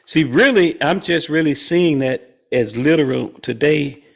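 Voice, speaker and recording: A man's voice: fairly high pitch, unhurried, gravelly. A man leading a spiritual study group, teaching in a conversational way and chuckling often. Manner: chuckles often, animated and playful.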